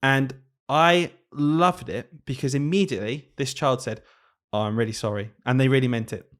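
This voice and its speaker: Man, medium pitch, casual podcast chat, laughs mid-story. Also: fairly even intonation, normal speed. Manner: laughs often while telling stories. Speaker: podcast co-host, primary teacher.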